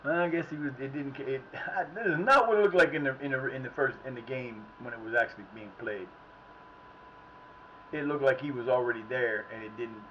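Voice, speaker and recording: A man's voice: mid-range voice, brisk. A man streaming a soccer video game, chatting casually and rambling to himself between reactions to the plays. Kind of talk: casual live-stream commentary. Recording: slightly muffled with faint background noise.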